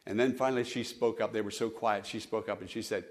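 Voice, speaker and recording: A pastor preaching a sermon to his congregation, rising to loud emphatic peaks and dropping to hushed storytelling, leading them in call-and-response. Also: lowish voice, fairly even intonation, fast talker, hardly any pauses. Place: church sanctuary with congregation.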